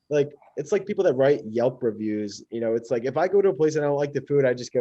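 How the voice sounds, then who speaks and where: A man's voice: mid-range voice, lively intonation, fast talker, few pauses, warm tone, dull audio. A male comedian in casual podcast chat, talking things through in a conversational way. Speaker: comedian guest.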